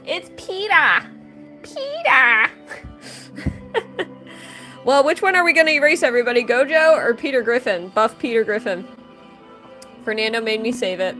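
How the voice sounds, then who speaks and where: A woman's voice: on the high side, fairly bright tone. A woman chatting casually on a livestream, greeting viewers by name while she draws. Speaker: livestreaming artist.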